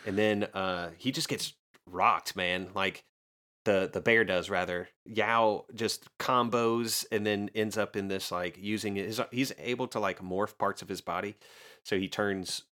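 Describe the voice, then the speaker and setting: A man co-hosting a podcast, recapping a movie from his notes in a relaxed, halting way with wry asides. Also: fairly low pitch. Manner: relaxed, hesitant with many fillers, wry. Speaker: podcast co-host.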